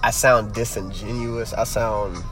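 A man's voice: fairly low pitch, steady tone, measured pace, fairly bright tone, faint music behind. A young man hosting a casual solo podcast, rambling with slang fillers and repeating himself as he makes his point emphatically. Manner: grows heated and emphatic. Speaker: podcast host.

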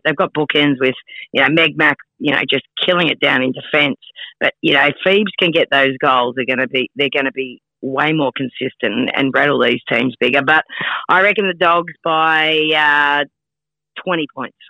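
A man's voice: a little high, bright, forceful tone, dry recording, poor audio. A man from Victoria with a broad Australian accent, a jokey, rambling football pundit in casual sports chat.

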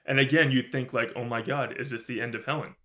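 A man co-hosting a horror movie podcast, in a loose, casual chat. He laughs a lot, swears freely and puts on quick voices to replay scenes from the film. His voice sits at an ordinary middle pitch. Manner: animated, swears a lot, laughs often, acts out character lines. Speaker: podcast co-host.

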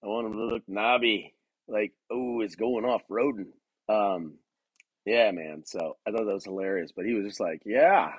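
A man's voice: fairly low pitch, slightly rough, dry recording. A man hosting his own podcast, rambling through a profane solo rant, laughing often and restarting his sentences. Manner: halting, many restarts and fillers. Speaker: podcast host.

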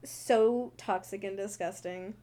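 A woman's voice: medium pitch, fairly even intonation, takes it slowly, over a noisy crowd. A young woman in a casual book chat, talking animatedly with laughs and swearing. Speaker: co-host.

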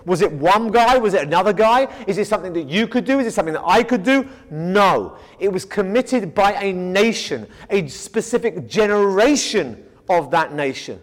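A man lecturing on scripture in a voice pitched well above most men's. He drives his points home by posing questions and answering them himself. The sound carries a long hall reverb. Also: expressive, moderate pace. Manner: emphatic, asks rhetorical questions and answers them. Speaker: Bible teacher. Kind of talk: Bible study lecture.

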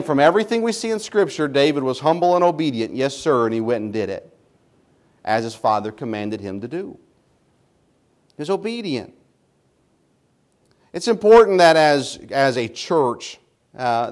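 Guy preaching a sermon, lively up-and-down voice, keeps repeating stuff for emphasis. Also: mid-range voice. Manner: emphatic preaching, repetitive build-ups. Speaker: pastor.

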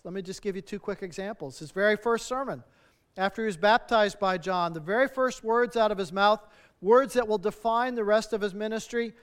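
A man preaching a sermon, earnest, with strings of rhetorical questions and phrase endings that drop soft. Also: sits high, smooth. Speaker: pastor.

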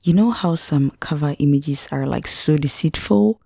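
A woman's voice: deep voice, normal speed, gravelly, dark tone, husky, dry recording, clean studio sound. A young woman, hosting a podcast and reviewing a film in a chatty, slangy way that talks straight to the listener. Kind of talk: casual spoken movie review.

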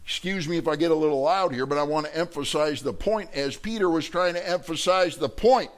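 A middle-aged male pastor with a Wisconsin accent, preaching a sermon and acting out the people he quotes with lively storytelling. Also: on the high side, brisk.

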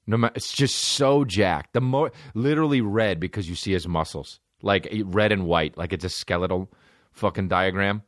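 A man's voice: lowish voice, moderate pace, dry recording. A man hosting a comedy podcast from his home studio, riffing with lots of swearing. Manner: profane, riffing, jumps into silly voices. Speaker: podcast host. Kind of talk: casual comedic chat.

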